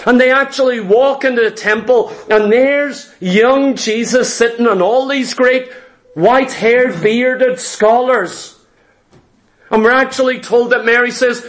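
A man's voice: very high-pitched, measured pace. A male preacher delivering a sermon, emphatic and rhythmic, with repeated phrases.

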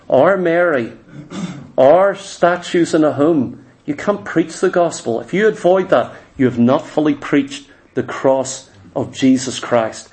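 Animated, fairly high-voiced male preacher. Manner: animated, questioning, emphatic. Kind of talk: sermon.

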